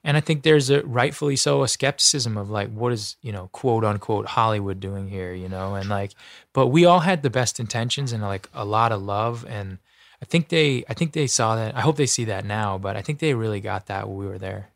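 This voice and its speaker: Earnest, expressive male actor as a guest. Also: lowish voice, brisk, creaky, dry recording, clean studio sound. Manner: earnest and expressive, voice jumps up when excited. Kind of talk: casual interview chat.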